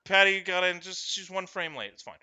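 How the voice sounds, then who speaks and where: A man telling comedic stories in a profane, animated way, breaking into shrill shouted impressions. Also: fairly quick, noisy background. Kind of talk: comedic storytelling.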